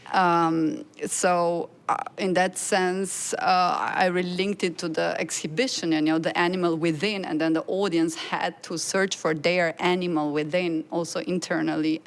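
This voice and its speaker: A woman composer answering a question on a panel, speaking in a searching way and laughing between phrases. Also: on the low side.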